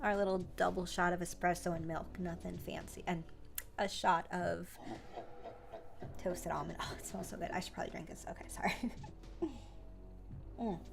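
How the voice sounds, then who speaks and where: A woman's voice: lowish voice, fairly even intonation, moderate pace, gravelly, pauses often, over music. A young adult woman hosting a live stream, chatting casually in a rambling way with lots of fillers and restarts. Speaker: livestream host. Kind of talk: casual livestream chat.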